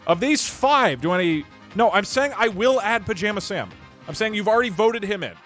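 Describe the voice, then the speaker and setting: A man's voice: high-pitched, animated, a little fast, a bit bright, faint music behind. A man streaming live, chatting casually and thinking aloud with frequent restarts.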